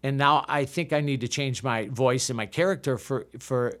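A man's voice: mid-range voice, normal speed, a bit bright. A man in his fifties, an improv comedian telling a self-deprecating story in casual chat, with frequent restarts. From United States. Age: 50s. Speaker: podcast guest, improv comedian.

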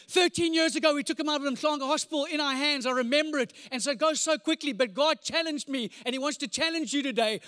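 A man in his forties, a pastor preaching with animated, comic storytelling, sound effects and repeated phrases. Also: very high-pitched, fast talker, hardly any pauses, no echo, clean studio sound. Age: 40s. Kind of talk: storytelling sermon.

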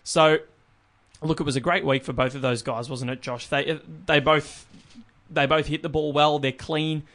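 A man's voice: fairly high pitch, steady tone, normal speed, a bit bright. A young man hosting a casual sports chat, rambling with frequent restarts. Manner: rambling, many restarts and "look" fillers. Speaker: podcast host.

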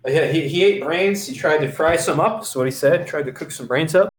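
A man's voice: fairly high pitch, fairly quick. A man hosting a casual discussion, steering the talk back on track. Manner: steers talk back to the topic, laughs easily. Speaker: podcast host. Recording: roomy, distant mic, faint ambience.

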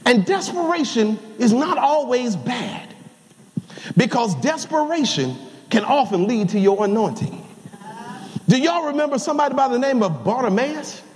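An older man preaching a sermon as pastor, folksy and storytelling, rising to shouts at the high points. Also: very animated, unhurried. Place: large church sanctuary. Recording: live church sound with long hall reverb.

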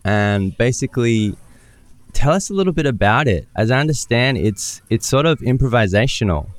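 A man's voice: medium pitch, big pitch swings, moderate pace, no echo. A man with an Australian accent hosting a podcast, chatting casually and upbeat, often joking at his own expense. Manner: upbeat, chatty, self-deprecating. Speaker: podcast host. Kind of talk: casual interview chat.

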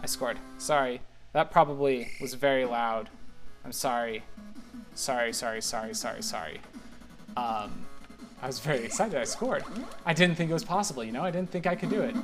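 A man at an average pitch talks casually over his own gameplay, wandering through self-deprecating play-by-play. Now and then he bursts into loud exclamations. Clear music plays behind him. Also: fairly quick. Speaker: let's play gamer.

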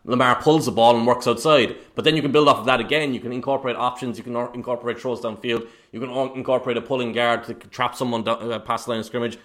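A man's voice: mid-range voice, fairly even intonation, quick pace, few pauses, a bit bright. Rambling man talking football. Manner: rambling, analytical, laughs often. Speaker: podcast co-host. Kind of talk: casual sports chat.

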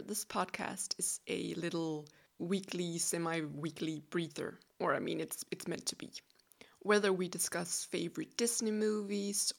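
A woman in her twenties with a Danish accent, hosting a relaxed solo podcast in a chatty, playful, self-deprecating way; English is not her first language. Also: on the low side, vocal fry. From Denmark. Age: 20s. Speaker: podcast host.

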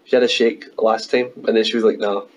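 A man's voice: on the low side, monotone, quick pace, poor audio. A young man with a Scottish accent, a podcast guest chatting in a laid-back, joking way and laughing a lot. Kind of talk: casual chat.

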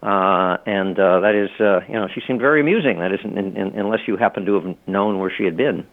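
A middle-aged author and law professor, appearing as a guest in a casual interview, tells stories loosely and at a brisk clip, his fairly low voice full of fillers and restarts. The sound is thin and tinny, as if coming through a phone.

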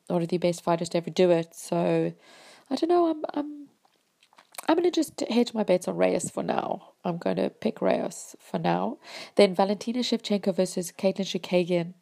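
Chatty woman, gravelly and mellow. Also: mid-range voice. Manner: chatty, thinks aloud with many fillers and hedges. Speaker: MMA podcast host. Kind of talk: casual fight recap and predictions.

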